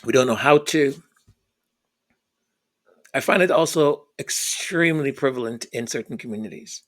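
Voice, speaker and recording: A man telling a personal story, halting and repeating words in an earnest way. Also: medium pitch.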